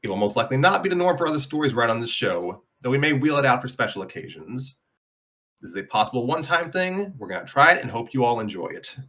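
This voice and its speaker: A man's voice: mid-range voice, big pitch swings, fast, bright, forceful tone. A man hosting a story show and narrating a fan story, with dry, self-mocking humor. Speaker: host and narrator.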